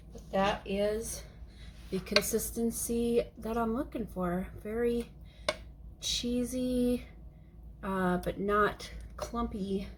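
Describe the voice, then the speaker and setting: A woman's voice: mid-range voice, noisy background. A woman chatting casually as she cooks in her home kitchen, rambling and talking to her cat. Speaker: vlogger. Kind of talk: casual cooking vlog chat.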